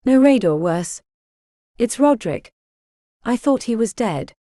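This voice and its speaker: A woman's voice: fairly high pitch, animated, measured pace, mellow, dry recording, studio quality. A woman voicing a defiant young Saxon noblewoman arguing with her husband. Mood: frantic. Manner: defiant, pleading.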